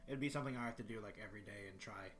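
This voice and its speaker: Deep-voiced man rambling on stream. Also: rapid-fire, a bit bright, soft background music. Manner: rambling, clears throat often. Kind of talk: casual livestream chat. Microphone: desktop microphone.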